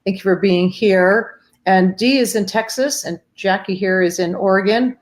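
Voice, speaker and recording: A woman's voice: medium pitch, normal speed. A woman hosting a faith-based support livestream over a video call, chatting casually and greeting viewers by name. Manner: warm greetings to viewers, many fillers. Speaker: host of grief support livestream.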